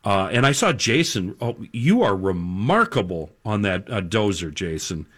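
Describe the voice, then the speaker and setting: A man's voice: on the low side, big pitch swings, moderate pace, fairly bright tone. A man in a casual chat, talking in an easygoing, plainspoken way and asking questions.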